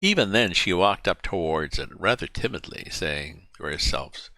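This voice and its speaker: A man reading a children's novel aloud with a deep yet bright voice and plenty of lift and fall in his delivery. He sounds close and dry, with no room around him. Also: lively intonation, moderate pace, hardly any pauses, no room sound. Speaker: storyteller.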